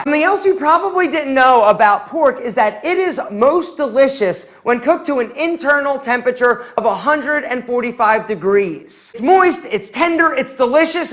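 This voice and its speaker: A man's voice: extremely high pitch, fairly bright tone. A middle-aged man hosting an instructional vlog, talking straight to camera in an upbeat, emphatic way. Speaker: host. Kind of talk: energetic instructional vlog with skits.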